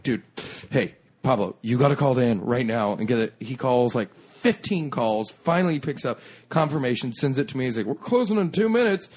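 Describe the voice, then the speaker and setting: As a podcast guest, a male comedian recounts a long misadventure, animated and swearing freely as he acts out everyone else's lines. His voice is at an ordinary middle pitch.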